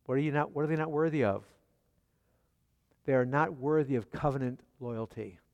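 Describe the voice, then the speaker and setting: A man preaching an expository sermon, asking his hearers rhetorical questions and swinging between quiet and emphatic delivery. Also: medium pitch, normal speed, muffled recording. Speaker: pastor. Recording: long hall reverb.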